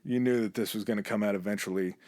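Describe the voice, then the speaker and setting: A man hosts a podcast and tells a story in a relaxed, chatty way. He drops into quick impressions when he quotes people. The sound is close and dry, with no room echo. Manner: relaxed storyteller, acts out quoted lines with shifts in pitch. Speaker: podcast host. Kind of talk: casual storytelling chat.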